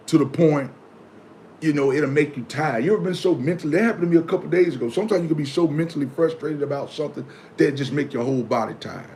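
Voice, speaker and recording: Middle-aged male vlogger, AAVE, chatty advice giver, animated, slightly high voice, light noise. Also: creaky. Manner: animated, acts out his own past reactions in high yelps. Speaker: vlogger reading viewer comments. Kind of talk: casual motivational talk.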